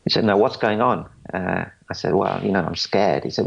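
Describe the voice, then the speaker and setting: A man's voice: low voice, brisk, gravelly, breathy edge, poor audio. A man in his forties telling his story as a podcast guest, earnest, often stammering and restarting, acting out what others said to him. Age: 40s. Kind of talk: storytelling interview answers.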